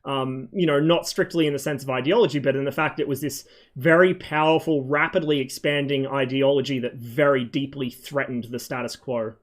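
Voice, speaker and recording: A man's voice: mid-range voice, fairly even intonation, a little fast, few pauses. A man streaming a flight game, chatting in a loose, rambling way with frequent swearing and plenty of ums. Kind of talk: casual rambling stream chat.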